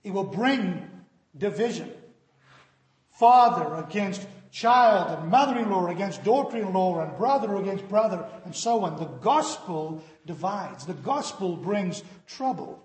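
High-voiced pastor in an echoey hall. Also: male voice. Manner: animated storytelling, emphatic preaching. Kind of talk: sermon.

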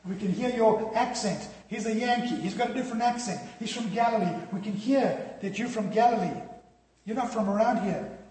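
A man's voice: high voice, moderate pace, warm tone, pitched above the performer's own voice, close to an everyday voice. A man voicing a mocking male bystander who taunts someone about his accent, in an echoey hall. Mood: taunting.

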